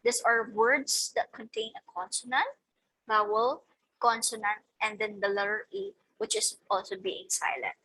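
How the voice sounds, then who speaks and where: Woman, teacher, husky, bright tone, methodical lecture. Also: a little high, very animated, a little slow, rough recording. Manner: methodical, repeats "okay" and "so" between points. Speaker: teacher presenting a lesson. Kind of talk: explaining slides in a recorded lecture.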